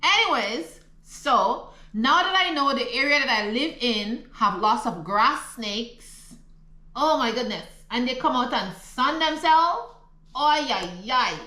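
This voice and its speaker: Caribbean lady vlogging from her country home, bright voice, kinda echoey room. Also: sits high, slow pace. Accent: Caribbean English. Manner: animated, laughs often, repeats herself. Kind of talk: casual chatty vlog.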